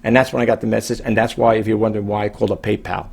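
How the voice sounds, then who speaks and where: A middle-aged New Yorker who vlogs about online reselling talks casually to camera for his viewers. His voice is fairly low, creaky, a little mellow and breathy, with little pitch movement and a rapid-fire pace. He rambles emphatically, repeating himself and restarting sentences.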